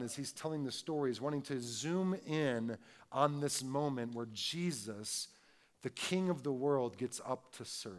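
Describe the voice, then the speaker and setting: Conversational man preaching a sermon. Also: on the high side. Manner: conversational preaching with frequent tag questions; swings from loud emphatic stresses to quiet, slow reflective passages. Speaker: pastor.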